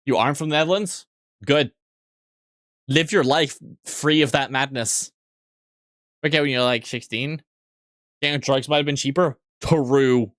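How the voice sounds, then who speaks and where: A young man chatting casually on a live stream, answering chat with quick asides, restarts and frequent swearing. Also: on the high side, fairly bright tone, dry recording, clean studio sound.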